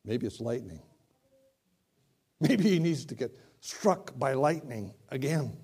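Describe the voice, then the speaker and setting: A man preaching a sermon, dramatic and swinging from loud to hushed, often repeating words. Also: mid-range voice, lively intonation, takes it slowly, slightly rough.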